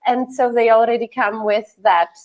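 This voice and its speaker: Woman host, casual chat, hesitant fillers, slightly high pitch. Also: steady tone, moderate pace, lo-fi sound. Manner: warm, hesitant with many fillers. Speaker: interview host, English teacher.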